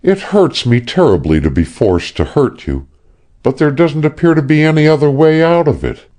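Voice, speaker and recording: A man voicing a calm, sad young woman in an audiobook. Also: on the high side, moderate pace, pitched above the performer's own voice.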